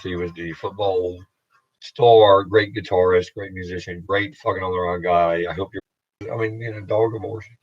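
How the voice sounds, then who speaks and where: A man's voice: low voice, fairly bright tone, highs cut off. A man talking in a rambling, casual monologue to camera, swearing freely and restarting his sentences often. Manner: meandering, profane, halting restarts. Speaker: vlogger.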